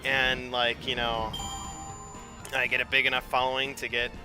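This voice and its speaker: A young man chats loosely on a gaming livestream, rambling from thought to thought and swearing casually. His voice sits at an ordinary middle pitch. Game music plays clearly behind him. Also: monotone, normal speed. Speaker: streamer. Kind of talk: casual gaming stream chat. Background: game music playing.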